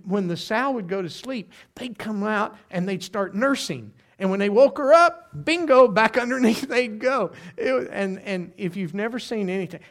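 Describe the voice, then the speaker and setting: A middle-aged man preaches in a folksy, animated way, his voice sitting a little high for a man. He drops into quiet, earnest stretches, then climbs back up as he tells stories. He checks in with the listeners with a quick "okay?" again and again. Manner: folksy, animated storytelling with frequent "okay?" asides. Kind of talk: sermon with personal stories.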